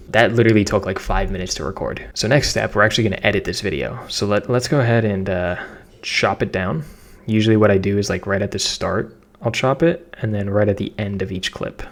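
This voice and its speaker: A man's voice: on the low side, a little fast. A man with a Boston accent giving a casual how-to tutorial as a content creator, chatty and slangy, often tossing in "right?". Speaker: social media content creator.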